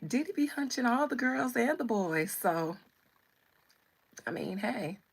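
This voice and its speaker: Gravelly, husky-voiced woman teasing her live chat. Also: on the high side, animated, unhurried. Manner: sassy and playful, teasing viewers. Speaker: live-stream tarot reader. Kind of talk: casual live-stream chat reading comments.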